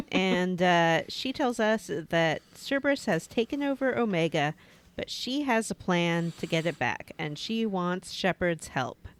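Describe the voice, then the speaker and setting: A woman's voice: lowish voice, lively intonation, measured pace. A woman co-hosting a casual podcast, recapping a video game in a playful, storytelling way.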